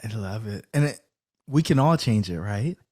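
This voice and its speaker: A man's voice: fairly low pitch, animated, moderate pace, darkish tone, husky. A man hosting an interview podcast, reflecting back what his guest said and checking in with frequent questions. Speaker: podcast host. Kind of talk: casual interview conversation.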